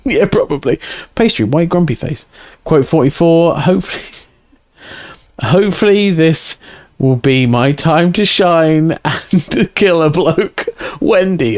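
A man's voice: on the high side, darkish tone, no echo. A man streaming a game live, chatting casually and joking crudely while reading chat aloud.

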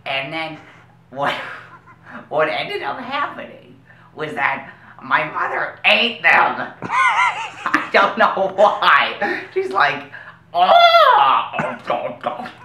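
An odd, awkward teenage boy from a web cartoon, as a man plays him, with a strange, very bright and sharp voice that swoops widely up and down. He drawls his meandering stories slowly. The take sounds roomy, with a faint hiss behind it. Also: fairly high pitch, huge pitch swings, full character voice. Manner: slow, meandering storytelling with odd leaps. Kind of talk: animated web series voice acting.

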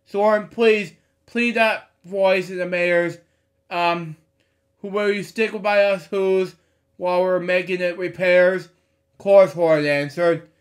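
At home at night, a man with a high voice reads a children's storybook aloud in a slow, steady tone. He stumbles over words and breaks off with blunt, irreverent commentary in this casual read-aloud.

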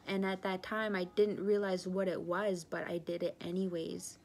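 A woman of about 30 from northern British Columbia, Canada, giving an earnest personal testimony, halting and full of pauses and fillers. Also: lowish voice, flat delivery, gravelly, a little mellow, a little hiss or hum. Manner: earnest, confessional storytelling.

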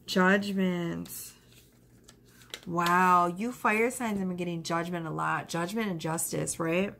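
A woman giving a casual tarot reading, chatty and animated, with lots of fillers. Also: lowish voice, slow, vocal fry. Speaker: tarot reader.

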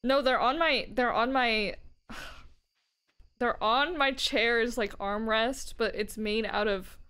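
A tired woman streaming a game and chatting casually with a friend, playful and teasing with quick laughs. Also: fairly high pitch, sharp tone, clean tone. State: tired, low energy. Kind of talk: casual gaming chat.

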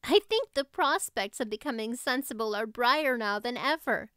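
A woman voicing a spirited, imaginative teenage girl who speaks in an earnest, expressive way. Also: fairly high pitch, normal speed, smooth, no echo, clean studio sound. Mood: earnest, hopeful.

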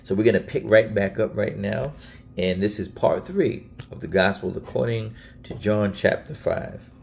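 A man's voice: on the low side, normal speed, gravelly, slight background noise. A man preaching in a casual Bible teaching video, earnest and emphatic, often repeating himself and restarting phrases.

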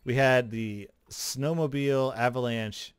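A man giving casual, chatty commentary as a gaming video creator, relaxed, with small laughs. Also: medium pitch, measured pace, smooth, dry recording. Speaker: gaming YouTuber. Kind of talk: casual commentary over gameplay.

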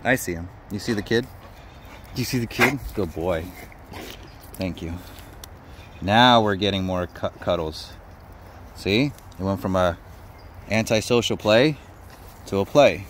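Dog trainer guy outside, lowish voice, keeps saying good boy and explaining stuff, bit of outdoor noise. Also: measured pace, pauses often, fairly bright tone. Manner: coaxing, praising the dog often, explaining as he goes. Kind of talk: casual narration while training a dog outdoors. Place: outdoors at a park.

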